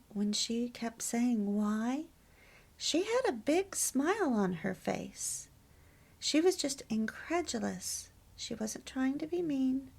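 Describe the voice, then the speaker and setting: A middle-aged woman hosting a homemaking video, telling personal stories in a soft, often near-whispered way. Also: a little high, gravelly, slightly rough. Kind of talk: personal storytelling talk.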